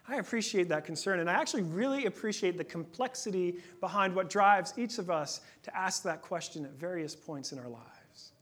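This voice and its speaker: Man in his thirties, sermon, high voice, earnest conversational preaching, soft hushed moments. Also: animated, brisk, hardly any pauses. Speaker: pastor.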